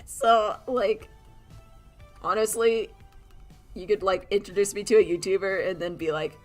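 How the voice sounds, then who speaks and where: A woman's voice: mid-range voice, fairly even intonation, measured pace, faint music behind. A woman from Canada chatting casually on a live stream while she draws, rambling and laughing at herself as she answers chat. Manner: rambling, giggly, self-mocking, talks to chat. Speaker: streamer and animator.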